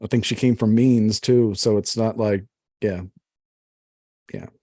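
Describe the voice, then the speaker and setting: A man's voice: fairly low pitch, steady tone, measured pace, warm tone, no room sound, clean studio sound. A man co-hosting a podcast, rambling in casual chat with many fillers. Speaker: podcast co-host.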